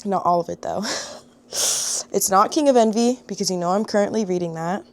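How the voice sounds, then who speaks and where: A woman's voice: medium pitch, a little fast. Chatty young woman vlogging. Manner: chatty and emotional, laughs often, trails off. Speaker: book vlogger. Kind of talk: casual chat to camera. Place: home room.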